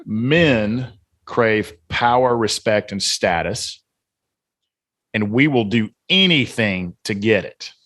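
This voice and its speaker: A man's voice: fairly low pitch, animated, slow, a bit bright. A man from Atlanta, a guest author and coach on a podcast, talking in an earnest, emphatic, lecturing way. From Atlanta, Georgia, US. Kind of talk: casual podcast conversation.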